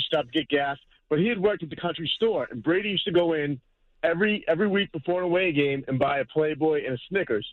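A man calling in to a radio show and telling a story with animated energy. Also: a little high, dry recording. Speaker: caller. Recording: tinny phone line.

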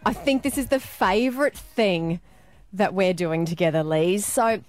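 A woman's voice: medium pitch, measured pace. Female radio host, teasing and upbeat, casual banter, faint music underneath.

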